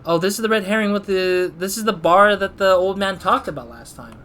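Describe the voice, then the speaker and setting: A man's voice: high-pitched, fairly quick, bright, forceful tone, slight background noise. A man playing a detective game, reading every part aloud and chatting casually with self-deprecating asides. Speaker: gamer reading and voicing dialogue. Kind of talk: casual let's play commentary.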